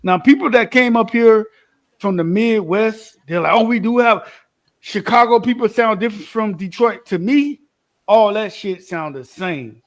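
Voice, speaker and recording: A man's voice: high-pitched, normal speed. A man co-hosting a podcast, blunt and opinionated, repeating his points in casual chat. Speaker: podcast co-host.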